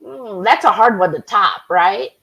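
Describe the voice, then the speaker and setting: A woman's voice: medium pitch, a little slow, gravelly, fairly bright tone, dull audio. A woman hosting a cooking live stream, chatting casually and reading viewer comments aloud. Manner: chatty, rambling, reads chat comments aloud. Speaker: cooking channel host.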